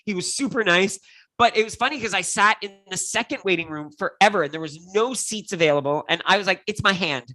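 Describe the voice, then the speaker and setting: A man co-hosting a relaxed chat, telling stories with lively, expressive delivery. His voice is bright and forward, and the sound is close and dry with no room around it. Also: fast talker, no echo, low-quality recording. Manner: animated storyteller, acts out quotes with big pitch jumps. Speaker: co-host. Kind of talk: casual chat.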